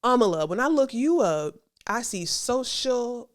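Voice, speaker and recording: A woman's voice: on the high side, sing-song, a little slow. A woman hosting a podcast, giving a reaction commentary monologue in an emphatic, sassy way, repeating her points and talking straight to the listener. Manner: conversational, addresses the listener directly. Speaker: podcast host.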